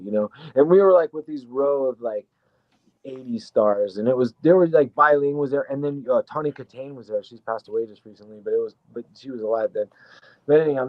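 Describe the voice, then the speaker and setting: A man guest telling a rambling story in a casual, excitable way, swearing freely. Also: medium pitch, no echo, muffled recording. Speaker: guest actor.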